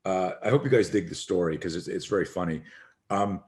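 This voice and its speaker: A middle-aged man, a self-defense instructor, telling an animated story as a podcast guest and acting out the voices in it. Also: low voice, a little fast.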